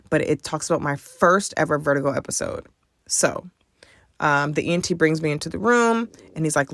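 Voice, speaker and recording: Gravelly low-voiced woman telling a story. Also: no room sound, studio quality. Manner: chatty and animated, acts out quoted people. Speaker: podcast host. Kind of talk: casual storytelling to listeners.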